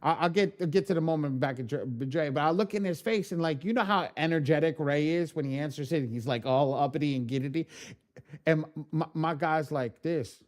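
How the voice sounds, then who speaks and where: A man hosting a live training class, telling stories in a casual, animated way, swearing freely and often restarting his sentences. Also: a little high, fairly quick. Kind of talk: casual live-stream storytelling.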